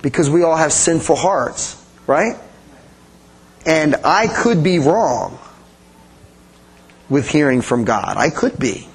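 A man's voice: fairly high pitch, slow, pauses often, husky, poor audio. A male pastor giving an interactive sermon, asking the congregation questions and affirming their answers in a conversational, emphatic way. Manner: animated emphasis, playful sound effects.

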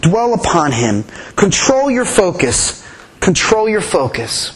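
A man's voice: high voice, sing-song, slow pace, a little hiss or hum, low-quality recording. A man preaching a sermon in an earnest way, often repeating his key phrases. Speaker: pastor.

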